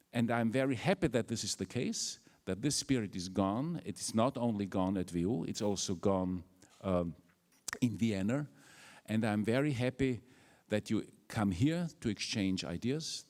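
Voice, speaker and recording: A man's voice: lowish voice, animated, a little slow, darkish tone. An older man with an Austrian German accent gives a formal welcome speech as a university rector, hesitant and full of fillers. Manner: hesitant, with many fillers and restarts.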